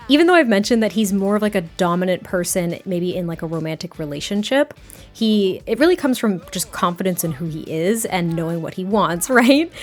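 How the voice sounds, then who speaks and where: A young woman narrating a life-sim game story in a chatty, giggly, rambling way. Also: medium pitch. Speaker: gameplay creator.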